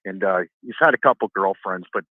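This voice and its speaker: A middle-aged man calling in, telling a rambling, profane story and quoting others with lively voices. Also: sits low, fairly quick, no room sound. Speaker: caller. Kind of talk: casual phone-in storytelling. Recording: tinny phone line.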